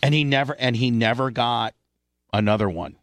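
A man's voice: medium pitch, normal speed, dry recording. A man hosting a talk show, telling a rambling, profane childhood story full of restarts. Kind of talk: casual storytelling.

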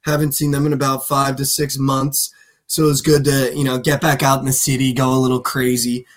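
A man's voice: medium pitch, monotone, brisk. A young man in his twenties co-hosting a sports betting podcast, telling stories in a rambling, casual way full of fillers. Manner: rambling storyteller, lots of "like" and "dude". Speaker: podcast co-host.

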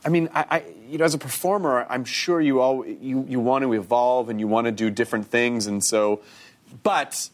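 A man's voice: medium pitch, normal speed. A man interviewing an actor in casual chat, joking around and rambling through his questions with restarts.

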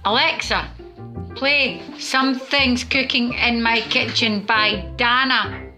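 A man's voice: very high-pitched, sharp tone, faint music behind, exaggerated voice. A man playing a frustrated Scottish man arguing with a voice assistant, in an archive clip. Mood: pleading. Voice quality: exasperated, sweary, drawn-out pleading. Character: frustrated Scottish man shouting at a smart speaker.

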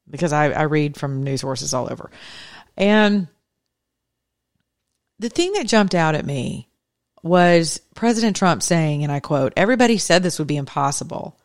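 A woman hosting her own podcast, giving earnest, conversational religious commentary in a preacherly way. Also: on the low side. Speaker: podcast host.

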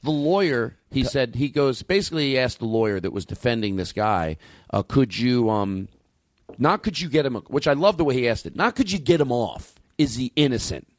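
A man's voice: mid-range voice, brisk, no room sound. A man hosting a casual comedic podcast, rambling and acting out quotes as he goes. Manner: rambling, animated, restarts and acts out quotes. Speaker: podcast host.

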